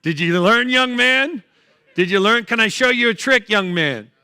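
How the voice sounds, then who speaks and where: A middle-aged man doing loud, teasing stand-up and crowd work on stage at a fundraiser. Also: high voice, expressive, moderate pace, clean tone, dry recording. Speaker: comedian performing at a fundraiser. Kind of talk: stand-up comedy with audience banter. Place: event hall, live on stage.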